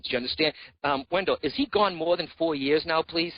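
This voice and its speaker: A man with a slightly high voice delivers a psychic reading as a radio guest, talking fast in an earnest, comforting way and often calling the caller by name. The audio has no echo, and the highs are cut off.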